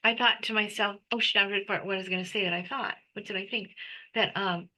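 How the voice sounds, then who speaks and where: A woman's voice: mid-range voice, steady tone, fast talker, pushed and bright, low-quality recording. A middle-aged woman giving an emotional personal testimony as an interview guest, talking intensely with frequent restarts and stammers.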